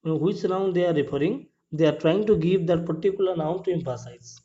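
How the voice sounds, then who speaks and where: A man teaching English grammar step by step in non-native English, repeating his points and checking with "clear?". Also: on the high side, a little fast, dark tone. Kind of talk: classroom grammar lesson. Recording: dull lo-fi recording.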